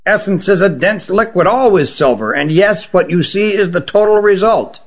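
A man reading a story, voicing a grave male distiller who speaks in measured, solemn tones. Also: high-pitched, lively intonation, highs cut off, pitched above the performer's own voice. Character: grave, severe male distiller, usually melodious.

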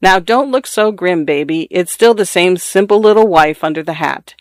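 A man voicing a gentle, patient young wife who talks in a soft, coaxing, pleading way. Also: high-pitched, normal speed, dry recording, studio quality. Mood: teasing.

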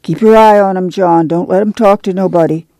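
A reader playing a stern, protective mother in a story reading, giving low and urgent orders. Her voice is gravelly and dark, and the recording is dry and close. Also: steady tone, brisk, no room sound, close to an everyday voice. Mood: firm. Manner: low commanding, hushed urgency. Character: firm, protective farm mother.

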